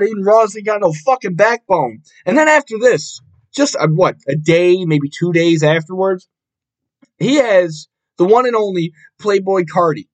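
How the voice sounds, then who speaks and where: A young man hosting a casual solo podcast, ranting with a lot of profanity and an exasperated tone, and jumping up into shouts. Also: sits high, lively intonation, moderate pace, rough recording. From Buffalo, New York area. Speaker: podcast host.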